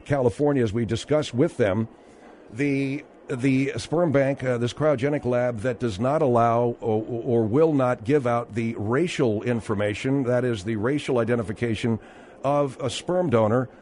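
A man's voice: medium pitch, moderate pace, darkish tone, slight background noise. A man hosting a call-in radio talk show, questioning his guests pointedly and with disbelief.

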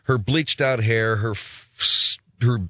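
A man's voice: medium pitch, slow, pushed and bright, dry recording. A man hosting a talk radio show, riffing in a rambling comic rant full of hip slang.

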